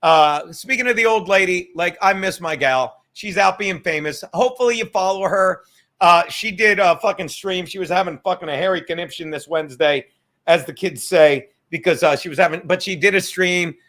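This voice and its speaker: A man's voice: sits high, normal speed, a bit bright. A middle-aged man hosting a podcast, rambling in casual, profane chat and laughing often. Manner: rambling, profane, laughs a lot, drinking on air. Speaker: podcast host.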